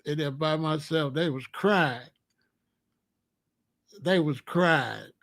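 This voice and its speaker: A man hosting his own channel, telling a story in a casual, animated and profane way and laughing as he goes. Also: on the high side, slow, vocal fry, no echo.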